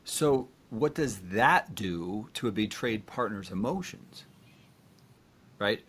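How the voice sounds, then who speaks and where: A man's voice: fairly low pitch, animated, slow pace, a bit bright, breathy edge. A man hosting a relationship podcast as a therapist, explaining things and speaking directly to listeners. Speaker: therapist host.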